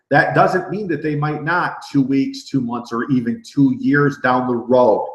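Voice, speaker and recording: A middle-aged man leads a live sales training, talking with energy and tossing in frequent "okay?" checks. He stumbles and repeats words as he goes, and his voice has an average pitch. The recording has a noticeably roomy echo. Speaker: network marketing trainer.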